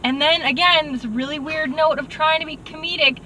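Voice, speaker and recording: A woman with a bright, sharp tone talks through a movie review in animated, exasperated bursts. She speaks from inside a car, with a faint road hum underneath. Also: high voice, low-quality recording. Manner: animated, exasperated, quick asides with "like". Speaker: podcast co-host. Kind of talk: casual movie review chat.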